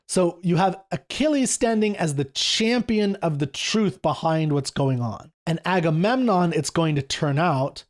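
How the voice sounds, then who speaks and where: A middle-aged man hosting a casual lesson on an epic poem, reading quoted speeches slower and lower than his explaining. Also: expressive. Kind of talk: casual lecture with read-aloud quotes.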